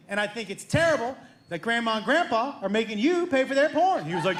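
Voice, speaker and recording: A man telling a stand-up comedy story, acting out both sides of a conversation with animated shifts in voice. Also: fast, slight background noise. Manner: animated, acts out dialogue with shifting pitch. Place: comedy club stage. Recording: echoey club with crowd laughter.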